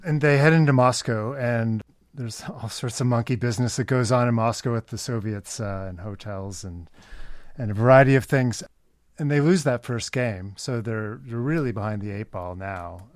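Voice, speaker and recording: A man's voice: mid-range voice, moderate pace, no echo, studio quality. A man hosting an interview, talking in an affirming, conversational way. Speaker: podcast host.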